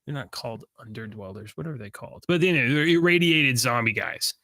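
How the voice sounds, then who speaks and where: A man co-hosting a podcast, chatting casually in an excitable, rambling way. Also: medium pitch, a little fast, no room sound. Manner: excitable, rambling, laughs loudly. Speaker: podcast co-host. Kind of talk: casual chat.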